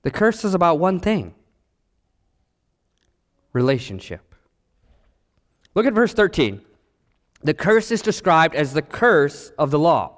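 Animated preaching man in a reverberant hall. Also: fairly high pitch, slow pace, pauses often. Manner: animated preaching, acts out quoted voices. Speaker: pastor. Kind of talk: sermon.

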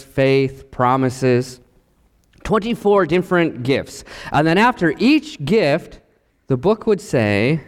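A male pastor giving a sermon, measured at first and then building to emphatic, rising declarations. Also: on the high side, smooth, in a large hall.

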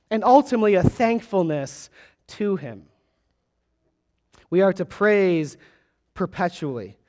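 A middle-aged man preaching a sermon, emphatic, with rising and falling delivery and long pauses. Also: high-pitched. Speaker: pastor. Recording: long reverb of a large hall.

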